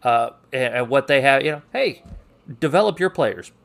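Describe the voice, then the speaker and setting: A man's voice: medium pitch, expressive, normal speed, creaky, fairly bright tone. A man hosting a coaching podcast in an easygoing, chatty way, teasing his guest and reading out a quote of the day. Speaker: podcast host. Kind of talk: casual podcast interview.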